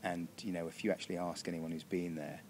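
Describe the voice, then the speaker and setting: A deep, level-toned British man talks fast against background noise. He is a comedian being interviewed backstage, rambling casually, chuckling and constantly self-interrupting to restart his sentences.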